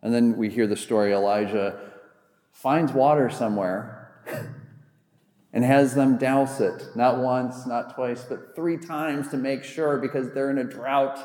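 A man's voice: mid-range voice, measured pace, darkish tone. A man preaching a sermon as a pastor, retelling a Bible story in a conversational, humorous way. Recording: echoey hall with long reverb.

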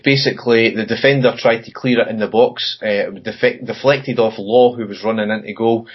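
A man co-hosting a casual football podcast, reading through his match notes in a steady, matter-of-fact way. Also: on the low side, fairly quick, husky, dull audio. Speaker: podcast co-host.

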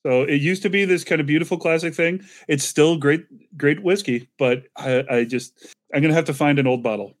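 A man's voice: on the high side, fairly quick. A man co-hosting a podcast, bantering in a friendly, enthusiastic way. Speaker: podcast co-host. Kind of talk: casual podcast chat.

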